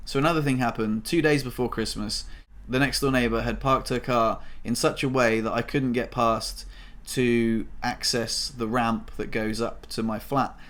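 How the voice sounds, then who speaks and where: A man's voice: medium pitch, fairly even intonation, moderate pace, a bit bright. Casual rambling man telling a story. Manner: casual, rambling, many fillers and swearing; emotional, voice rising when upset. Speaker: vlogger. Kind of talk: personal storytelling vlog.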